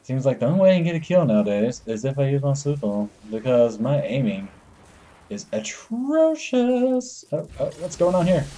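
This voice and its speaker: Commenting on his own online match, a young gaming channel host talks fast and expressively, barely pausing, in a warm mid-range voice. He's playful and pokes fun at himself, chuckling and often blurting out "oh my goodness" in surprise.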